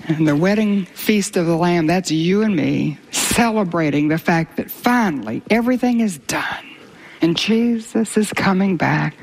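An older woman preaching a sermon in an earnest, impassioned way, dropping to breathy whispers for emphasis. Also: medium pitch, a little mellow.

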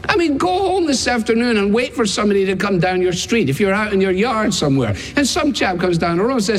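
Animated high-voiced preacher in a reverberant hall. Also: male voice, quick pace, hardly any pauses. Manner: emphatic, building repetitions. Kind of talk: sermon. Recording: long reverb of a large hall.

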